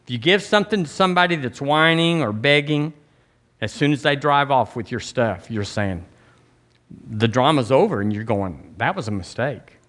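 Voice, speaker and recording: A man's voice: medium pitch, animated, normal speed, a bit bright. A man preaching a blunt, emphatic sermon as pastor, drawing the congregation into call-and-response.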